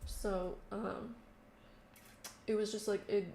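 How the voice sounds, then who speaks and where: A woman's voice: medium pitch, steady tone, slow pace, warm tone. A young woman telling a story in casual chat, lots of fillers and quoted voices, recorded in an echoey room. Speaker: vlogger. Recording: echoey room with faint noise.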